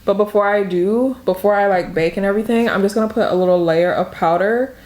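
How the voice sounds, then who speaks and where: A woman's voice: mid-range voice, brisk, a little mellow. A young woman from the Detroit area, chatting through a makeup tutorial while telling a story with lots of "like". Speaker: beauty vlogger. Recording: echoey room.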